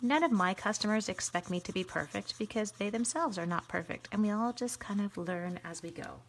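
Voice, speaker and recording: Chatty excitable woman hosting a craft stream. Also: mid-range voice, fairly quick. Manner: chatty, excitable, talks to viewers while coloring. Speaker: stamping demonstrator hosting a live stream. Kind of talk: casual live-stream craft demo.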